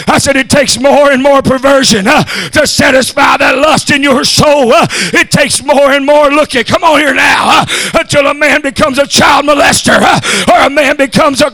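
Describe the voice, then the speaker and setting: A man preaching a revival sermon, shouting his lines and punctuating them with "huh?" and "amen". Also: very high voice. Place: church service.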